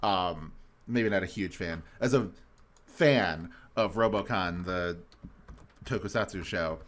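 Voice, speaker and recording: A man's voice: low voice, slow pace. A man co-hosting a podcast in casual chat, rambling, swearing and laughing often. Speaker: podcast co-host.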